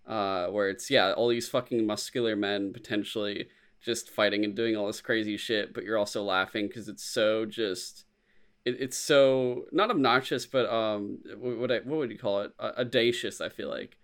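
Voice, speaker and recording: Excitable, swearing man in casual chat. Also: lowish voice, moderate pace, clear, resonant tone. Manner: excitable, profane, swears freely. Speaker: podcast co-host.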